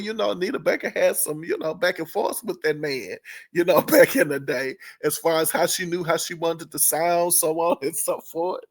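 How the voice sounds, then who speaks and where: A man's voice: high voice, gravelly. A man hosting a casual commentary channel, chatty and full of fillers and self-corrections, often breaking into amused laughter. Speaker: entertainment commentary host.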